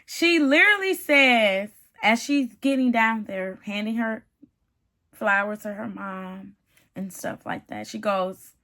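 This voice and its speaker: A woman giving a casual, animated reality-TV recap, chatty and calling the viewer "honey" and "baby". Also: medium pitch, slow. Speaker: TV show reviewer.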